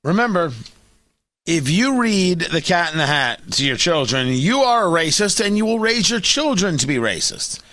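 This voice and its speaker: A man's voice: high-pitched, sing-song, moderate pace, pushed and bright, no room sound. A man hosting a talk radio show, delivering sarcastic, mocking opinion commentary.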